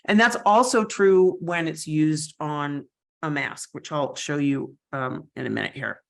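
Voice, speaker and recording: A woman with a slightly low voice leads a screen-share tutorial on editing photos. She explains each step in a chatty, casual way, with fillers and quick asides as she works. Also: creaky.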